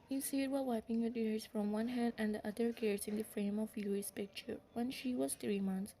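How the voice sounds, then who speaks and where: A woman reading a fan fiction story aloud at a steady pace, at times dropping to a soft whisper. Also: a little high, a little fast, few pauses, slight background noise, poor audio.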